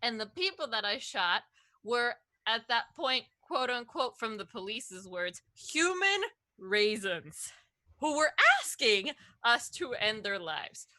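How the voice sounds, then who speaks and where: Lively, bright-voiced woman player. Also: fairly high pitch, slow, no room sound. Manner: sassy, laughing banter. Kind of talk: in-character tabletop role-play.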